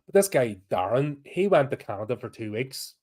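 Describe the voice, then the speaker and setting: A man's voice: medium pitch, very animated, normal speed, darkish tone. A man with a Northern Irish accent, co-hosting a podcast and ranting bluntly in casual chat, with the odd swear word. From Northern Ireland. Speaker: podcast co-host.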